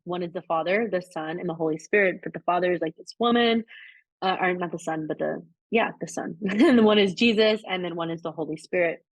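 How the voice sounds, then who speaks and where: Low-voiced woman chatting casually. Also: a little fast, dry recording. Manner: rambling, many likes and restarts. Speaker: podcast co-host. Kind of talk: casual spiritual chat. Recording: dry, slightly dull sound.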